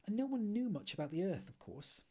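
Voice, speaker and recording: A man's voice: sits high, very animated, a little fast, dark tone, voice pushed up, exaggerated voice. A man doing an offhand, worldly Ford. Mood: matter-of-fact. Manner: matter-of-fact, dry, offhand. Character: laid-back, worldly male alien traveller. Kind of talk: soft ASMR reading.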